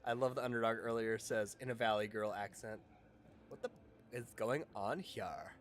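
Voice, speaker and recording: A man streaming a game live, chatting affectionately and excitably with his viewers and reacting loudly to the action. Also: fairly low pitch, moderate pace, soft background music. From Utah, US. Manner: excitable, affectionate, talks to chat. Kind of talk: casual gameplay livestream chat.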